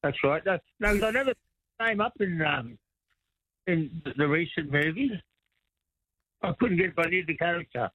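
A man calling in to a radio quiz, talking in a hesitant, halting way. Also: fairly high pitch, animated, sharp tone, breathy edge, no echo. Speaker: caller. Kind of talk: casual phone-in chat. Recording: tinny phone line.

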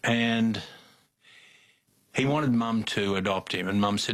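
A man's voice: on the low side, slow, fairly bright tone. An older man with an Australian accent, telling folksy stories as an interview guest, with frequent chuckles. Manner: folksy yarn-spinning, chuckles often. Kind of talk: casual storytelling.

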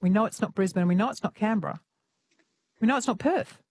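A woman in her late thirties runs a radio quiz with teasing, effusive banter. Her voice sits at a middle pitch. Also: fast, darkish tone, slightly rough, no echo. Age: late 30s. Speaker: radio talkback host. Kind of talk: playful quiz banter with callers.

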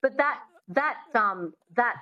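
A woman's voice: a little high, animated, takes it slowly. A woman dialect coach being interviewed on the radio, explaining thoughtfully with frequent restarts. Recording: dull, muffled line.

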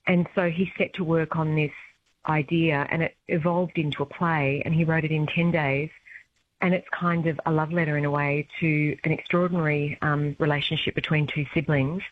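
A woman's voice: low-pitched, steady tone, normal speed, dry recording. A woman stage actress talking eagerly and chattily about her play in an interview. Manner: enthusiastic, chatty, warm about her work. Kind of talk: casual phone interview. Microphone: phone line. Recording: tinny phone line.

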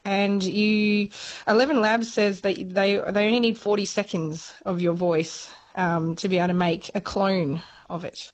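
A woman's voice: mid-range voice, little pitch movement, a little slow, low-quality recording. A woman explaining speech science on a podcast, talking casually with many fillers and restarts.

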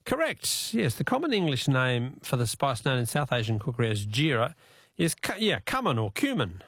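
A man with an Australian accent hosting a talkback radio quiz, jovial and quick to laugh. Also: mid-range voice, wildly swooping pitch, a bit bright, slightly rough, dry recording.

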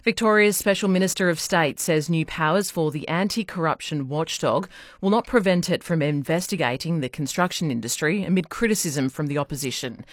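A woman reading the radio news in a measured, formal way. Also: deep voice, no room sound, clean studio sound. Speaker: newsreader. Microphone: studio mic.

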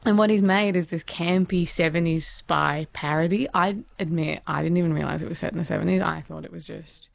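A low, gravelly-voiced woman talking casually about television as a co-host. She rattles through asides in a chatty way, and the recording is dry and close. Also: steady tone, fairly quick, few pauses, no echo. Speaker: podcast co-host.

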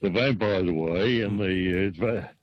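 A man calling a radio show, halting and chuckling. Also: deep voice. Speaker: caller. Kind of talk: casual phone-in chat. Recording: dull phone-in line.

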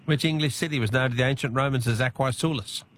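A man's voice: mid-range voice, quick pace, background noise. Chatty Australian radio quiz host, man. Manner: chatty, laughs easily with callers. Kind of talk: casual talkback radio chat.

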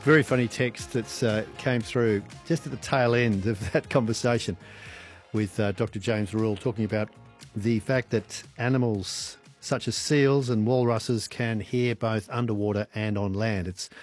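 A man's voice: on the low side, a little mellow, no echo. A man with an Australian accent hosting an evening radio show, chatty and playful, laughing easily. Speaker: radio host. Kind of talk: casual radio chat. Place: radio studio.

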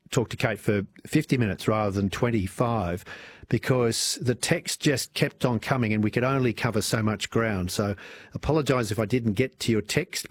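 A man with an Australian accent hosting an evening talk radio show, chatting warmly with listeners and swooping up and down as he talks. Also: medium pitch, husky, dry recording. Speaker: radio host. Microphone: studio microphone.

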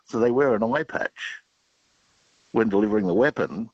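A man's voice: fairly low pitch, normal speed, a little mellow, husky, no echo. A middle-aged man calling in to a radio show, telling pirate jokes and facts in a playful, hammy way. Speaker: caller. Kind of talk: phone-in chat telling jokes. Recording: dull lo-fi phone line.

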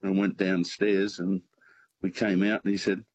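Older-sounding Aussie caller with a very low, husky voice, rambling anecdote. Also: male voice, flat delivery, moderate pace, a little mellow. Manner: rambling, hesitant storyteller. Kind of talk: telling an anecdote on a radio call.

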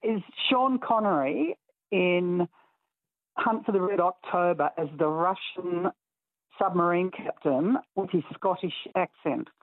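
A woman's voice: lowish voice, slow, dry recording. Woman calling in by phone. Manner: shy, giggly caller. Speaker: radio caller. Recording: tinny phone line.

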